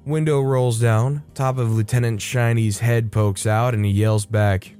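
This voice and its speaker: A man reading a story aloud as a scripted narration, wry and lively, speeding up and slowing down for effect. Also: medium pitch, clean tone, faint music behind.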